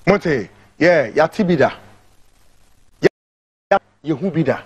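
A man's voice: on the high side, animated, unhurried, darkish tone, breathy edge, muffled recording. A man with a Ghanaian accent giving impassioned political commentary, emphatic and repetitive, mixing English and Twi.

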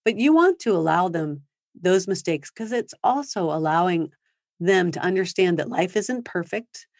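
Low-voiced woman giving a parenting seminar. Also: dry recording, studio quality. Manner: conversational, acts out sample phrases for parents to use. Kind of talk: live online seminar talk. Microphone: video call microphone.

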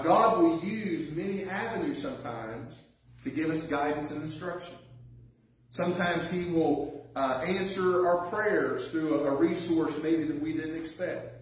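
A man preaching a sermon, reading scripture aloud and then urging his listeners with earnest, rising emphasis. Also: on the high side. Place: church sanctuary. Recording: very echoey church hall, mic at a distance.

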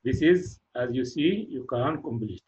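Guy teaching kids math, talks real slow, keeps saying very good, kinda muffled lo-fi audio. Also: medium pitch, expressive, darkish tone. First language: Arabic. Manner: slow, encouraging, repeats praise, non-native English phrasing. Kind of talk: classroom math lesson.

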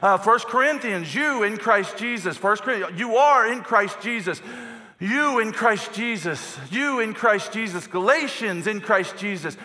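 A man pastor preaching a sermon from a church stage, animated and emphatic, often repeating phrases for effect. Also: high-pitched, measured pace. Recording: long hall reverb of a church.

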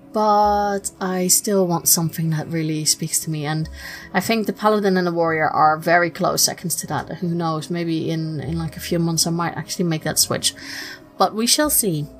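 A woman's voice: fairly low pitch, normal speed, soft background music, rough recording. A woman hosting a podcast, talking in a chatty, giggly way with frequent restarts. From Netherlands. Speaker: podcast host. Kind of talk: casual podcast chat.

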